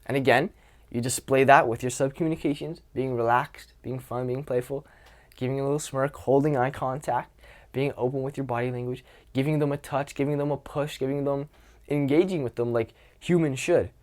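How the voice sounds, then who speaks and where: A young man coaching social skills in a casual, expressive way, swearing freely. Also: mid-range voice, fairly quick.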